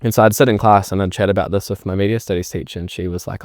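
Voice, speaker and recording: A young filmmaker with a New Zealand accent, guesting on a casual podcast interview, tells his story very fast and animatedly acts out remembered exchanges with lively emphasis. His fairly low voice is recorded dry and close, with no room sound.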